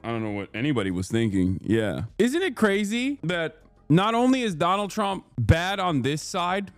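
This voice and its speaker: Speaking at a moderate pace in a high-pitched, very animated voice, a thirtysomething man hosts a livestream with casual chat. He rants hotly, swearing and using lots of fillers, into a studio microphone via a mixer. The tone is clean with no echo, and faint music sits underneath.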